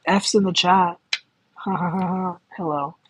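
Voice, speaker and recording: A man's voice: high voice, fairly even intonation, very slow, a bit bright, husky, no room sound, low-quality recording. A man chatting casually on a livestream as a tarot card reader, rambling and restarting his sentences with lots of fillers and giggles. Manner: rambling and self-interrupting, with many fillers and giggles. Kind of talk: casual livestream chat with viewers.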